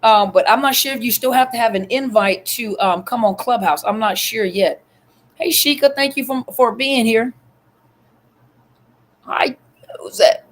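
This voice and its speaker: A woman's voice: on the high side, unhurried, long pauses. Chatty woman hosting a phone livestream. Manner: chatty, greets viewers by name, many fillers. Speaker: livestream host. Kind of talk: casual livestream chat.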